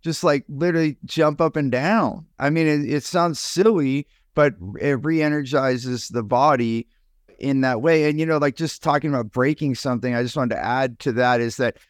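A man's voice: medium pitch, normal speed, no echo, studio quality. A man co-hosting a podcast, chatting casually and acting out his own past remarks as he tells stories. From United States. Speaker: podcast co-host.

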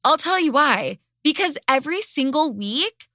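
Animated, foul-mouthed woman podcast host. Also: sits high, moderate pace, dry recording, clean studio sound. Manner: animated, swears freely, dramatic storytelling. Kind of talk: casual storytelling chat.

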